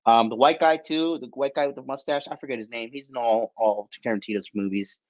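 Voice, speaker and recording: A man's voice: mid-range voice, a little fast, highs cut off. A man from the United States hosts a podcast, telling a rambling story in a blunt, profane way and tagging his sentences with "right?". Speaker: podcast host. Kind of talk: casual storytelling.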